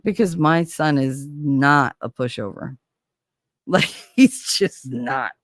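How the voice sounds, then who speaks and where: A woman's voice: extremely low pitch, lively intonation, slow pace, no echo. A middle-aged woman with a New Jersey accent, hosting a casual livestream chat in a candid, profane, chatty way. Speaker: livestream host.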